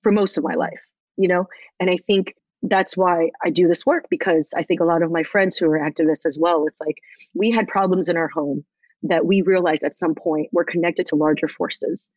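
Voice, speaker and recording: Woman guest, lively storyteller with a slightly low voice, close dry mic. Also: normal speed, no room sound, rough recording. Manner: animated storyteller acting out quotes, swears casually. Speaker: guest, comedian and activist. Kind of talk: casual storytelling interview.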